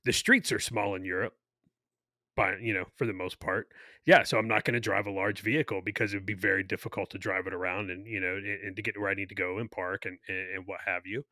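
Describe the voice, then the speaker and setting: A man's voice: sits low, steady tone, fast talker, sharp tone, no echo. A man co-hosting a podcast, talking casually and rambling with many fillers. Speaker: podcast co-host.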